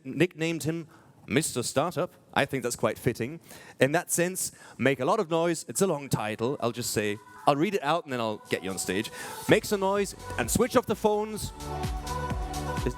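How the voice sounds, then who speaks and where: A man hosting a conference on stage, chatty and playful, acting out quick little exchanges. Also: on the high side. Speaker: conference host. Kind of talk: stage emcee patter.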